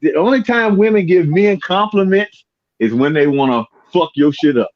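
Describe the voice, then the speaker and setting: A man's voice: high-pitched, normal speed. A man chatting casually and telling personal stories, acting out the voices of people in them. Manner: animated storyteller, acts out voices in the story. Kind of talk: casual chat, storytelling. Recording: dull lo-fi sound.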